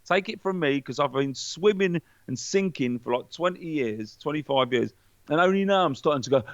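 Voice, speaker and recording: A man, a podcast guest in casual chat, talking in an animated, preachy way with plenty of swearing. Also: on the high side, moderate pace, no echo, lo-fi sound.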